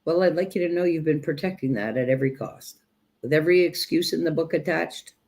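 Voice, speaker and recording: A woman teaching self-growth in a direct spiritual talk, speaking emphatically and deliberately and addressing listeners as "you guys". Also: low voice, darkish tone.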